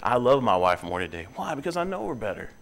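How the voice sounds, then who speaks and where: A young man preaching in a church, earnest, his voice climbing high and loud when he presses a point. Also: sing-song, fast talker, creaky. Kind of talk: sermon. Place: church sanctuary.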